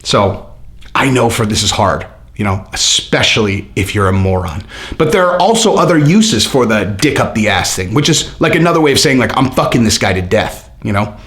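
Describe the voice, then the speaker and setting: Animated sarcastic man, roomy echo. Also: on the low side, moderate pace. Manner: animated, sarcastic, rambling with many fillers. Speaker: channel host reading comments. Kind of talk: casual mocking commentary.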